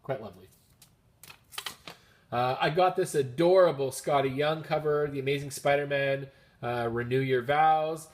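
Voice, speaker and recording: A man's voice: mid-range voice, moderate pace, slight background noise. A man with a Canadian accent, chatting casually and upbeat at home as he shows off his comic haul, wandering into rambling asides. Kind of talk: casual chat.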